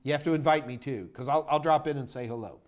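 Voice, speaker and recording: Talking fast at a medium pitch, a middle-aged man runs a casual live Q&A stream. His chat wanders, is packed with fillers, and now and then erupts with enthusiasm.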